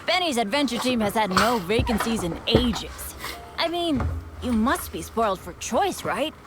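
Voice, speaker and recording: A woman plays a bright-voiced teenage boy adventurer in a video game, eager and forever joking about his own bad luck. His voice sits highish and swoops all over as he talks. Loud game music plays under him. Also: sing-song, moderate pace. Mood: self-deprecating. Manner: eager, self-deprecating, bouncy. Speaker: game character.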